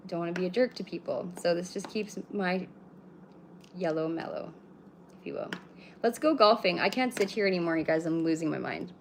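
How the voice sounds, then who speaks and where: Woman, 30s, low voice, rambling blunt streamer who swears freely. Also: a little hiss or hum. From British Columbia, Canada. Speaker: livestreamer. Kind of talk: casual live-stream chat.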